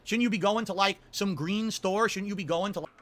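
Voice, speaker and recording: A man ranting on a livestream in a scornful, loud and profane way. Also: high voice, fairly quick, no echo. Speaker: streamer being reacted to. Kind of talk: ranting commentary.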